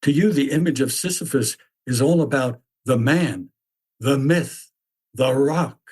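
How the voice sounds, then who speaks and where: A man voicing a stern mythic figure who lectures bluntly in a measured, repetitive way. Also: mid-range voice, darkish tone, breathy edge. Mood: lecturing. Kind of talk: reflective spoken essay.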